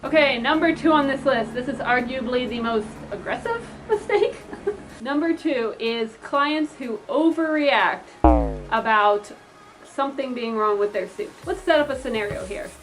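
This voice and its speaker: A woman's voice: high voice, lively intonation, a little slow, soft background music, poor audio. A young woman who makes fursuits, giving chatty advice to customers and pleading with them while acting out the messages they might send. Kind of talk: casual advice vlog.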